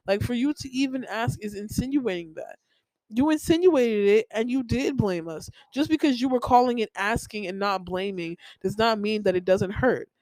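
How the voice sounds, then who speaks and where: A woman's voice: on the high side, a little mellow, dry recording, rough recording. A young woman hosting a podcast, telling a personal story in a rambling, heated way with lots of filler words. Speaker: podcast host.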